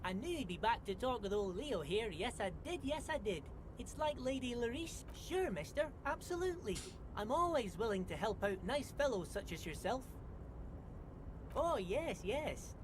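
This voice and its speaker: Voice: mid-range voice, background noise, natural voice. An actor voicing a cheerful, forgetful old man in a video game, talking in a folksy, chirpy way and repeating himself. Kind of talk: game character dialogue.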